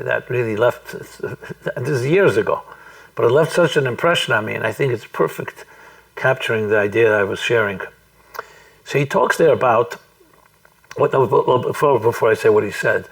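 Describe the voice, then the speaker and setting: A man, a rabbi, telling a story to a live group, speaking thoughtfully and deliberately with frequent restarts. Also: mid-range voice, gravelly, distant mic, low-quality recording. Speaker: rabbi giving a talk. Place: room with a small audience.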